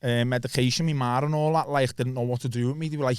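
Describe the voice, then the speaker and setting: Man, Liverpool accent, thirties, casual storytelling, slangy, smooth resonant voice, dry sound. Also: medium pitch, steady tone, quick pace, few pauses, darkish tone, no echo. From Liverpool, England. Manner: swears freely, slangy, laughs through his stories. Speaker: podcast guest.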